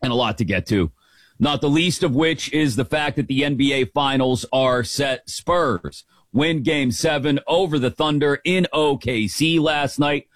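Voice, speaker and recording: A man hosting a live sports talk radio show, chatty and energetic as he runs through the day's stories. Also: mid-range voice, no room sound. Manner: energetic, chatty, rattles off details. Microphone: studio microphone.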